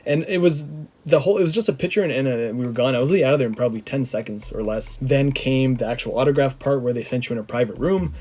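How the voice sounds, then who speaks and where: A slightly hoarse man telling a story in a casual, rambling way, with many "like" fillers. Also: medium pitch, fast talker, darkish tone. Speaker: vlogger.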